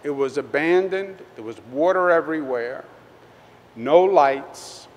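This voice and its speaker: A man with a Queens New York accent, a state governor giving a conversational public speech at a press event, halting with many fillers. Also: fairly high pitch, expressive. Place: public event at a tunnel site. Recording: long reverb, faint background noise.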